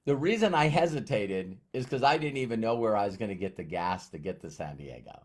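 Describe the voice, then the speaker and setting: A man's voice: on the low side, expressive, a little fast. A man giving a motivational talk who tells a personal story, acts out the dialogue, and often repeats words. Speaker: motivational speaker.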